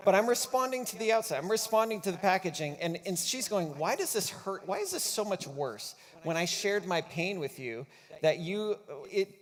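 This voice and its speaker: Man speaking with a higher pitch in a reverberant hall. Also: big pitch swings, normal speed. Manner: easygoing, acts out quoted inner dialogue. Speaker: conference speaker. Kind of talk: conversational stage talk. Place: church auditorium. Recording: long reverb of a large hall.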